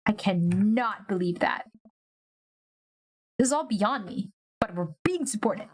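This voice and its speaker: Woman, streamer, casual let's-play talk, reads game text aloud, lively asides, casual swearing. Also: mid-range voice, unhurried, pauses often.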